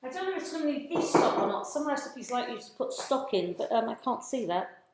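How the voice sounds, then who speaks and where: A woman's voice: a little high, big pitch swings, brisk, very echoey, a little hiss or hum. A woman hosting a casual live cooking stream from her home kitchen, chatting to viewers while she cooks. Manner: chatty, scattered, greets viewers mid-task. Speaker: cooking livestream host.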